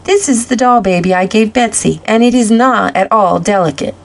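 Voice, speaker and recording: A jolly old Santa Claus, kindly and brisk, giving orders in a hearty storybook voice, as a woman reads him. His lines climb high and bright when he calls out, with a cheerful bustle. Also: close to an everyday voice.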